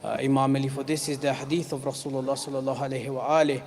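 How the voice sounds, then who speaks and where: A man preaching a mournful sermon, chanting and singing the lines and rising to shouts. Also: mid-range voice, flat delivery, racing. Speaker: preacher reciting a lament. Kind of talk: sung, mournful sermon recitation. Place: mosque hall. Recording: long mosque hall reverb.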